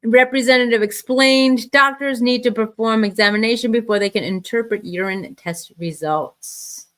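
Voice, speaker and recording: A woman's voice: on the high side, normal speed, a bit bright. Wry woman reading odd news aloud. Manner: wry, teasing, reads articles with asides. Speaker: podcast co-host. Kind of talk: casual news chat, reading headlines aloud.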